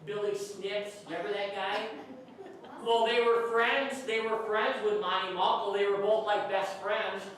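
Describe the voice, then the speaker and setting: A man's voice: high voice, little pitch movement, measured pace, a bit bright. A man telling playful comic stories to children in a church, chatting with them and asking them questions. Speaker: children's entertainer. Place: church hall. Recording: very echoey hall, distant, faint hiss.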